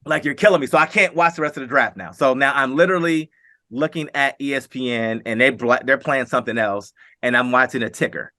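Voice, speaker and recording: A middle-aged man recounts his story in an easygoing interview, his voice bright and forceful. He acts out the quotes as he goes, and the sound is dry and close. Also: mid-range voice, brisk, no echo. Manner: animated anecdote-telling, acting out quotes with laughs. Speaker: guest, former pro football player.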